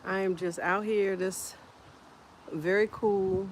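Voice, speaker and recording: A woman hosting a casual homestead live stream outdoors, chatting in an unhurried way and greeting viewers by name. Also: mid-range voice, steady tone. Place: outdoors in a windy garden. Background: faint wind and outdoor ambience.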